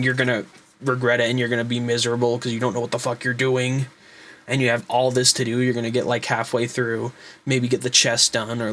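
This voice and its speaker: A young man rambling in a casual show-and-tell vlog, swearing a lot and getting excited as he talks. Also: medium pitch. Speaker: hobby vlogger.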